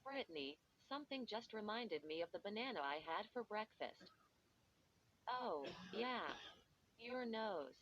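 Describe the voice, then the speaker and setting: A nasty little dummy with a shrill rasp trades insults in a storybook reading, put on by a woman narrator. The recording is muffled and lo-fi, with a soft hiss under it. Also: expressive, a little slow, close to an everyday voice. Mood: taunting. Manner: taunting, insulting. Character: rude male ventriloquist dummy, shrill and raspy. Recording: dull lo-fi with faint hiss.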